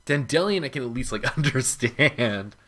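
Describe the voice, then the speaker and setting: A man with a low-pitched but bright, forceful voice hosts a relaxed book discussion. His talk rambles along on fillers and turns playful and emphatic when he makes a point. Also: moderate pace. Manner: loose, filler-heavy talk full of 'like'; jokey and emphatic when arguing. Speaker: podcast host. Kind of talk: casual book club chat.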